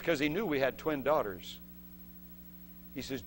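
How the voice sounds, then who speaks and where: A man preaching a sermon as a testimony, telling a story with lively acted-out voices and laughs between points. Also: mid-range voice, unhurried, pauses often. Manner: acts out voices in the story and shouts the excited parts.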